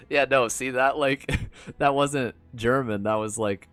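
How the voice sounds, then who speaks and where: A man's voice: mid-range voice, steady tone, measured pace, few pauses, fairly bright tone, clear, resonant tone, no room sound, soft background music. A man streaming a story game, chatting casually and jokingly, laughing at the story as he reads it aloud. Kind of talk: casual gameplay commentary and reading aloud.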